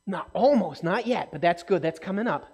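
A woman telling a Bible story to children in an animated way, often asking the kids questions. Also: on the low side, normal speed, husky. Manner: acts out voices and quotes in the story.

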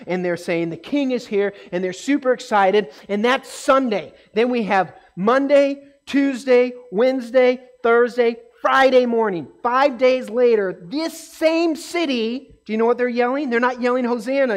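A woman leads a Bible lesson for a young audience in a lively, animated way. She keeps checking in with questions for the group and brings the crowd's words to life as she reads them out. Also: on the high side, moderate pace, few pauses. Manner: animated, asks the listeners questions. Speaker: children's Bible teacher.

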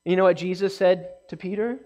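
A woman teaching a Bible lesson to a young group, animated and asking her listeners questions as she goes. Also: fairly low pitch, fairly quick, dull audio.

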